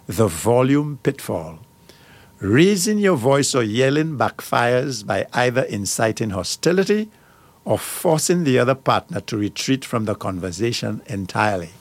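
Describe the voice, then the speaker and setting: A man's voice: on the low side, lively intonation, measured pace, dry recording. A middle-aged man hosting a radio talk show. He reads out points and breaks off into firm personal asides.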